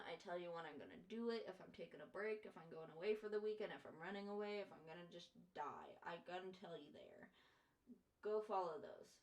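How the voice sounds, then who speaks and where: A woman's voice: fairly low pitch, roomy sound. Tired, rambling young woman streamer. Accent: slight Southern US. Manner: rambling, goofy and profane, drifting between loud bursts and mumbled asides. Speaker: art streamer. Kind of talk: casual live-stream chat.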